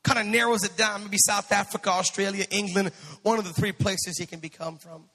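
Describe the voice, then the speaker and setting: Male pastor, sermon, very bright voice, gravelly, long church reverb. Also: high-pitched, fairly even intonation, brisk, soft background music. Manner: swings from quiet asides to shouted, sing-song preaching. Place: church sanctuary.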